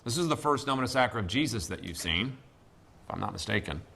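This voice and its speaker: A man teaching a classroom Greek lesson, speaking deliberately with many pauses and fillers. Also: fairly low pitch, expressive, vocal fry, sharp tone, breathy edge. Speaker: seminary professor.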